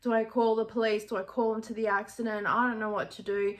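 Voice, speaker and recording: A woman in her forties with an Australian accent, telling stories to her vlog audience in an animated, confiding way and laughing often. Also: on the high side, quick pace. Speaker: YouTuber. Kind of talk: casual storytelling vlog.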